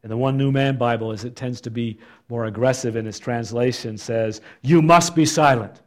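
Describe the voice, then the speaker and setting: A man teaches a Bible study in an ordinary mid-range voice. He reads scripture expressively and pauses to reflect on it. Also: medium pitch, level tone, darkish tone.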